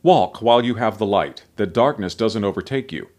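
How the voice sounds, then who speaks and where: Man reading a solemn male teacher, measured delivery, lively rise and fall. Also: lowish voice, close to an everyday voice.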